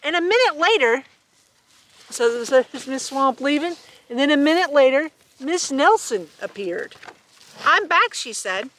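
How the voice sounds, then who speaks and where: Woman reading a kids story, high lively voice, bright, chuckly asides. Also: unhurried. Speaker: storybook reader. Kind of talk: children's storybook read-aloud.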